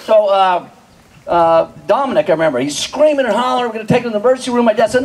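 A man performing a stand-up comedy set, telling stories with animated voices for his family and laughing at his own jokes. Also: sits high, very fast, slight background noise, low-quality recording. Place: comedy benefit show before a live audience. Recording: live show with crowd laughter. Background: audience laughter.

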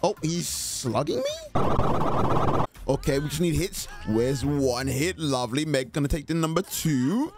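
A young man giving excited live commentary on a horror game he is playing, chatting to his teammates and the killer. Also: fairly high pitch, measured pace, over loud music. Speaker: gaming YouTuber.

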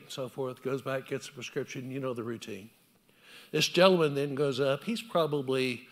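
A male pastor giving a sermon in a chapel, telling stories and asking repeated rhetorical questions. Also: medium pitch. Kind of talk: sermon with storytelling.

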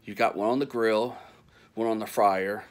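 A man's voice: lowish voice, fairly even intonation, moderate pace. A middle-aged man telling a story in a casual, rambling way, full of swearing and frequent laughter. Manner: profane, rambling, laughs often.

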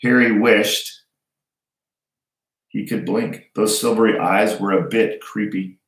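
Man, teacher, reading aloud, low voice, steady, roomy echo. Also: slow pace, pauses often. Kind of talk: reading a novel aloud to students.

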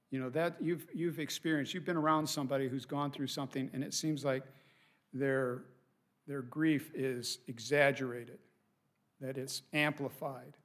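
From the pulpit of a church sanctuary, a middle-aged pastor preaches a sermon in an earnest, conversational manner, dropping in casual asides. His voice is medium-pitched and a bit bright.

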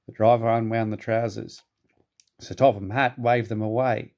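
A man reading a children's storybook aloud at an unhurried, gently expressive pace. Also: lowish voice. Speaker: narrator.

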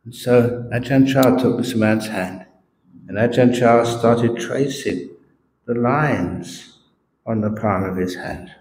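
Unhurried monk telling stories in an echoey hall. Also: male voice, mid-range voice, slight background noise. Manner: animated, playful storyteller. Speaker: Buddhist monk teacher. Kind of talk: dharma talk storytelling. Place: meditation centre hall.

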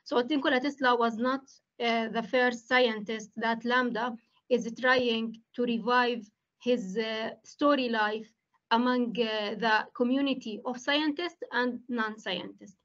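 A woman academic hosts a webinar over a video call, her fairly high voice stopping and restarting often around fillers. The call audio is dull and lo-fi. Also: steady tone, fairly bright tone. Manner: halting, many fillers and restarts. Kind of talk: hosting a webinar.

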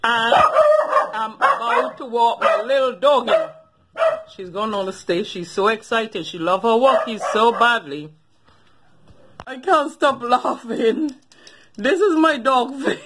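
A woman's voice: a little high, lively intonation, takes it slowly, noisy background. A woman vlogging casually, chatting to viewers and using baby talk with her dog. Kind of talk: casual vlog chat.

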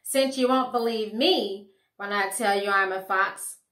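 A woman's voice: high-pitched, sing-song, measured pace, pushed and bright, pitched above the performer's own voice, heavily acted. A woman voicing a boastful, pompous male fox who talks in big words and ends up pleading, heard in an echoey room. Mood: stiff. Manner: grandiose, pleading, wordy.

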